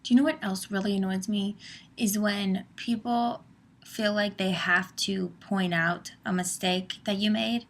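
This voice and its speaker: A woman's voice: medium pitch, vocal fry. A young woman vlogger ranting casually to camera, chatty and exasperated, full of fillers.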